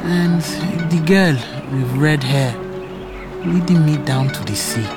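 A woman narrating a story in the first person, hushed and wondering. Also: sits low, slow, loud music behind the voice.

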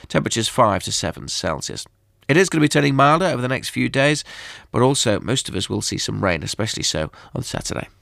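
A man's voice: mid-range voice, very animated, quick pace, vocal fry, hardly any pauses, a bit bright, dry recording, studio quality. A man presenting a radio weather forecast.

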